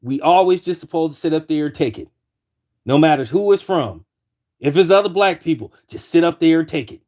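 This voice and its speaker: High-voiced man ranting heatedly. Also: animated, a little fast, a little mellow. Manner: heated, repetitive, many restarts. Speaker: commentator. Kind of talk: ranting opinion commentary.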